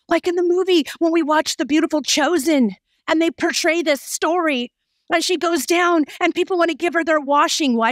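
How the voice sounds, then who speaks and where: A woman pastor delivers a fervent sermon, her high voice driving phrases home through repetition. The sound is dry and close, with little room around it. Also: normal speed, a bit bright, no room sound. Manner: passionate, emphatic preaching with repeated phrases.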